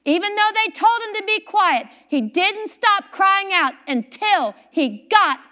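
High, lively woman preaching a sermon. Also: a little slow. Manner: reads scripture aloud and repeats key phrases for emphasis; questions the congregation directly.

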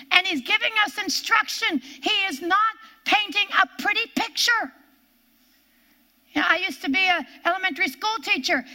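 A woman's voice: very high-pitched, sharp tone. A woman preaching a sermon, emphatic, repeating key phrases and drawing out her stresses.

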